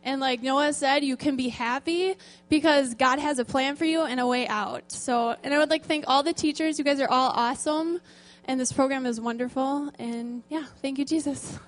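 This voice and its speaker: High-voiced woman giving a tearful church testimony. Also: steady tone, moderate pace, hardly any pauses. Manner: tearful, heartfelt, hesitant. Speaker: church program volunteer. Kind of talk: emotional testimony with scripture reading.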